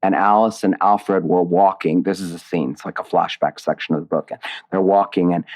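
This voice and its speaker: A man's voice: low voice, a little fast. A middle-aged man from the United States, a playwright guest telling stories with feeling and frequent restarts. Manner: animated, emotional storytelling with many restarts. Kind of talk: conversational interview.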